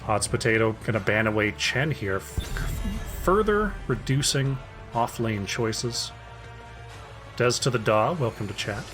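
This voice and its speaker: A man's voice: mid-range voice, lively intonation, measured pace, long pauses. Guy casting a game draft solo, laid back and chatty, faint music under it. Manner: casual, chatty, reads out chat names. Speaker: esports caster. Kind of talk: solo esports draft commentary.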